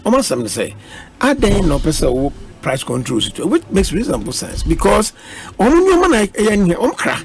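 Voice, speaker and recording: A man's voice: sits high, huge pitch swings, normal speed, creaky. A Ghanaian man, a member of parliament, arguing animatedly on a radio panel, mixing Twi and English. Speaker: politician, minority member of parliament.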